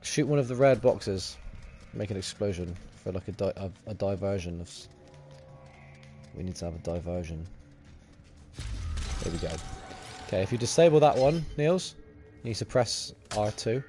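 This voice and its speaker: A man's voice: fairly low pitch, animated, normal speed, long pauses, mellow, faint music behind. A young man co-hosting a let's play, cracking cheeky, boisterous jokes in casual gaming chat.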